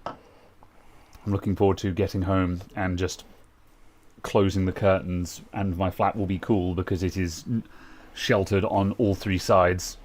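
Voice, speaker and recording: A man's voice: low voice, flat delivery, measured pace, long pauses, a little mellow, a little hiss or hum. A young British man co-hosting a casual tech chat, rambling with lots of fillers and restarts. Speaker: co-host.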